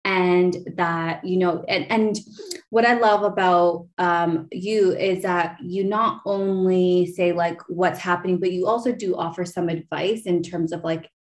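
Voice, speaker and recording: A woman's voice: on the low side, steady tone, unhurried. A woman in her thirties hosting a podcast, telling a personal story in a rambling, emotional way. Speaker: podcast host. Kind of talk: casual interview chat.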